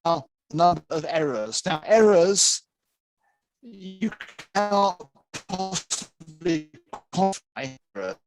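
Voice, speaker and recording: A man with an English accent giving an online lecture over a video call, in a steady, explanatory way. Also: sits high, takes it slowly, soft background music, rough recording.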